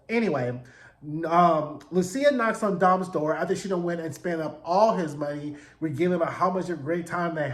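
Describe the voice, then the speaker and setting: A man with a high voice recaps a TV episode in loose, sassy commentary. He jumps into quick impressions of the characters and swears freely. The sound is echoey, as if recorded in a bare room. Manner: peppered with profanity and rhetorical "right?". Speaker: TV recap host.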